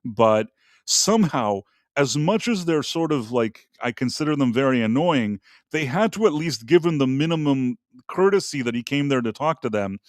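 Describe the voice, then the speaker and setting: A male host talks loosely and bluntly, wandering between topics and dropping the odd swear word. His voice is mid-pitched and the sound is dry and close, with no room around it. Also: animated, moderate pace, no echo. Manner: blunt, opinionated, rambling with profanity. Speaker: podcast host. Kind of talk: casual live-stream chat.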